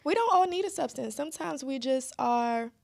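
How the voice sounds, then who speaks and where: A woman's voice: high-pitched, animated, normal speed, gravelly. A woman hosting a podcast, chatty and playful in casual slangy talk. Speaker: podcast host. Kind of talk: casual chat.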